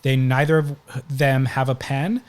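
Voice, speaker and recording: A man's voice: mid-range voice, little pitch movement, measured pace. Man telling a long story on a podcast. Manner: recounting stories at length, conversational. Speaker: podcast host. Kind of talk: casual podcast chat.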